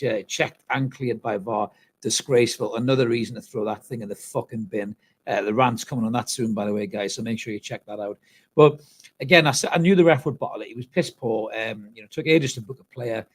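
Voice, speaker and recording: A man's voice: mid-range voice, slightly rough. A man hosting a live football reaction show, sounding tired and speaking bluntly and with lots of swearing while he reads viewers' comments. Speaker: football fan channel host. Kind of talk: live post-match reaction and reading comments.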